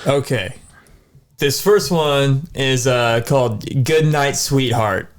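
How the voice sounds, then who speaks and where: A man's voice: medium pitch, slow pace. A young man co-hosting a podcast, casually reading a horror story aloud, tripping over words and laughing along the way. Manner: laid-back, stumbles and laughs over words. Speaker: podcast co-host.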